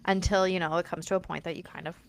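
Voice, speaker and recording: A woman in her thirties, chatting casually and telling animated stories. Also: fairly low pitch, rapid-fire, gravelly. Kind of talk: casual conversation.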